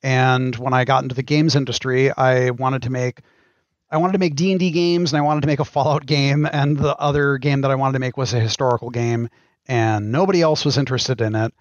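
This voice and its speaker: A middle-aged man explains his work as a guest on a podcast, thinking aloud with frequent pauses. His voice sits in an ordinary middle range. The recording is dry and a little muffled. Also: medium pitch, fairly even intonation, no echo. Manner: thoughtful, pauses with many ums. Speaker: game designer guest. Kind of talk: casual podcast interview.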